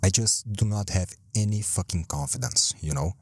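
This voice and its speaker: A man hosting a rambling solo podcast from a parked car, speaking English as a second language, self-deprecating and swearing a lot with halting restarts. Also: deep voice, animated, darkish tone, slightly rough, no echo. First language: not English. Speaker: podcast host.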